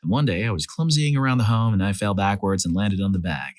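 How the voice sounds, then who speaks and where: A man narrating a series of reader-submitted stories as a scripted storyteller, lively when he voices the quoted lines. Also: fairly low pitch, quick pace, no room sound.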